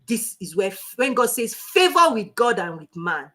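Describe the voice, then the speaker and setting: A Nigerian woman teaching a live online coaching class in an animated, preachy way, laughing often. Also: on the high side, normal speed. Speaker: life coach.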